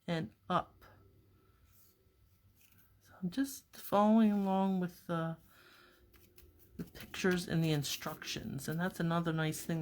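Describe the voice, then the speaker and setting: Slow, low-voiced woman crafting. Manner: calm, step-by-step, talks to herself while working. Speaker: papercraft demonstrator. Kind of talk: card-making tutorial narration.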